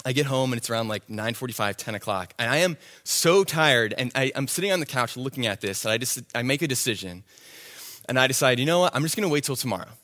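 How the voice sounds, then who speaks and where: A young man telling a self-deprecating story in a sermon, animated and quick with asides. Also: mid-range voice. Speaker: youth pastor.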